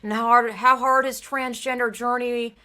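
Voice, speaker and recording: A young woman hosting a casual talk show, blunt and profane, swinging from quiet asides into outraged rants. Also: fairly high pitch, flat delivery, normal speed. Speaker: host. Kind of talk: casual podcast chat.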